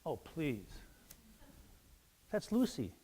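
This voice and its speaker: Man, pastor, high voice, children's sermon, playful, joking, church. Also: wildly swooping pitch, drawn-out words, warm tone, breathy edge. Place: church sanctuary.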